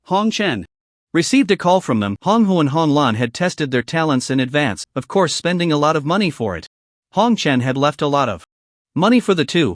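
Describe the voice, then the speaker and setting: A man narrating a scripted story recap in an even storytelling voice, reading all the dialogue himself. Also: on the high side, no echo, clean studio sound. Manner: even storytelling delivery, reads all dialogue in his own voice.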